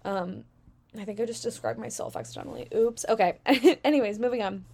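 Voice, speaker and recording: A woman's voice: a little high, animated, fairly quick, darkish tone. A woman from Southern Virginia with a Southern American accent, reading out customer stories and reacting with sarcastic, chatty commentary and free swearing.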